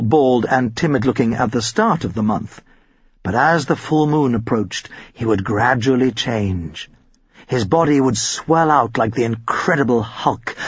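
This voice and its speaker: A man narrating an audiobook in an expressive storytelling manner with a husky voice. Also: medium pitch, dry recording, dull audio.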